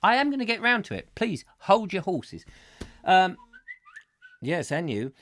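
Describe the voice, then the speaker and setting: A man's voice: sits high, very animated, unhurried, a bit bright. A middle-aged man hosting a comic live chat show, rambling playfully and breaking into silly voices and sung sound effects.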